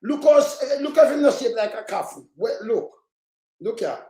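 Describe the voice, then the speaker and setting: A woman with a Jamaican accent ranting casually to camera, insistently repeating herself in a mocking tone and breaking into loud shouts. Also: a little high, animated, normal speed, reverberant. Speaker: vlogger.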